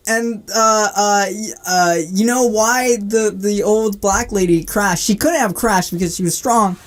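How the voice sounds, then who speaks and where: A young man co-hosting a podcast, telling a long story in a halting, rambling way with many fillers and nervous laughs. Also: sits high. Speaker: podcast co-host. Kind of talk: casual chat.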